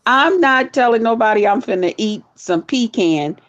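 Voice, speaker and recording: A woman's voice: fairly high pitch, animated, moderate pace, no room sound, lo-fi sound. A woman from the North in a casual chat, playful and informal with lots of slang. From northern United States.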